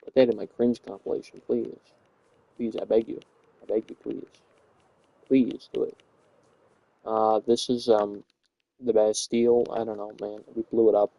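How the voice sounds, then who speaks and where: A man's voice: on the low side, flat delivery, moderate pace, gravelly, long pauses, dark tone, no echo. A young man giving a rambling, playful tour of a Minecraft build, often correcting himself as he goes. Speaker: Minecraft server tour guide. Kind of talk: casual gameplay commentary. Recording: dull, dry home recording.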